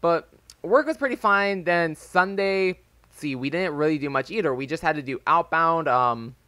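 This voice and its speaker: Chatty young man, bright and dry. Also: on the high side, moderate pace, dry recording. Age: early 20s. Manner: rambling, loose and chatty, full of "like" and "um". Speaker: gaming YouTuber. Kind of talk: casual storytelling over gameplay. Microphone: desk microphone with a phone as backup.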